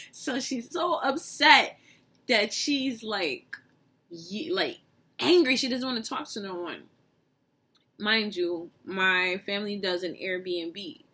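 A young woman vlogger telling a casual storytime, animated and often breaking into laughter. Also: mid-range voice, slow, husky.

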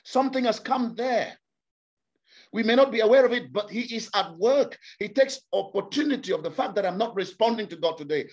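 A man's voice: sits high, animated, a little fast, a little mellow. A man preaching a sermon to a congregation, impassioned and repeating words for emphasis. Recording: slightly dull lo-fi sound.

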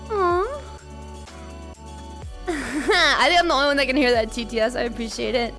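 A woman with a very high, sharp, bright voice chats playfully with her live-stream viewers. Her voice is slightly sore and strained, and faint music plays behind her. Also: moderate pace. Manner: bubbly, playful, greets chat excitedly. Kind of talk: casual live-stream chat.

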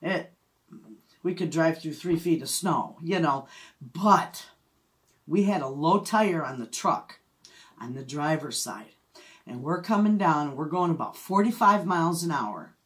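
A woman's voice: low-pitched, expressive, a little slow. Chatty middle-aged woman. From Michigan, USA. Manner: chatty storyteller, laughs often. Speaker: homestead vlogger. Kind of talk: casual chat.

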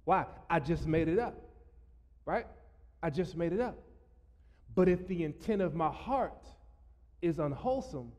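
Pastor, male, playful preaching with laughing asides, slightly high-pitched, reverberant church hall. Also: animated, measured pace, long pauses, warm tone. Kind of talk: sermon. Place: church sanctuary.

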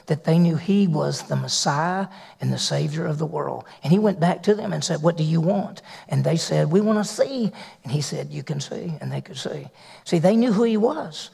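A man preaching in a church, his voice pitched high with a gravelly edge. He tells scripture as folksy stories, acting out the quotes, and a long reverb trails his words through the hall. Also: a little mellow. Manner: folksy storytelling with acted quotes. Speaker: pastor. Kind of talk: sermon.

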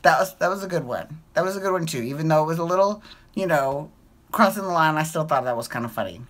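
A woman's voice: low-pitched, lively intonation, fast. A woman hosting a casual recap chat, gushing and giggling, often repeating herself. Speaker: podcast host.

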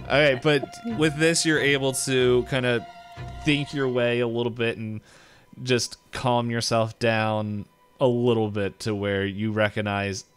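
A man's voice: medium pitch, level tone, a little slow, clean tone, faint music behind. A man running a tabletop horror game as game master, laid-back and laughing often.

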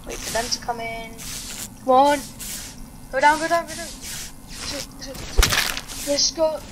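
Excitable woman commentating her gameplay, noisy. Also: high-pitched, slow. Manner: excitable, thinking aloud to herself. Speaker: gaming video host. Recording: clear background noise.

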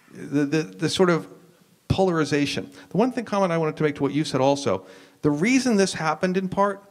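American man, mid-pitch, conversational lecturer with many "um"s and self-corrections; panel guest. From United States. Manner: explanatory, frequent "um" and restarts. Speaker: university professor, panelist. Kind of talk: lecture-style discussion.

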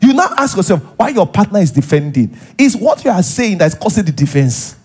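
Here the pastor's voice is high and husky, a little mellow, with big pitch swings and a fairly quick delivery. He's a Nigerian-accented man preaching in a church hall, acting out small scenes and hammering points home through repetition.

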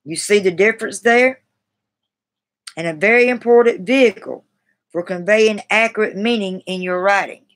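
A woman on a live stream reading aloud from a grammar book, stumbling over and restarting words, with chatty asides to her viewers. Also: medium pitch. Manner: halting, restarts words, self-deprecating and chatty.

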